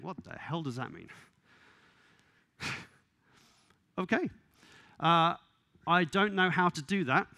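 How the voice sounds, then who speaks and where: A man giving a conference talk, wry and exasperated, with quick asides and laughs. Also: a little high, sharp tone, no echo. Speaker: conference speaker. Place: conference venue.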